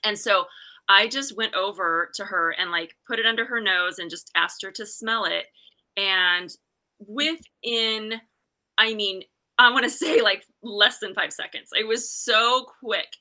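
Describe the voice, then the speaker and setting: A middle-aged woman, a podcast guest, chatting and telling a story in a lively, animated way with restarts and laughter. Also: mid-range voice, a little slow. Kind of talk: casual storytelling chat.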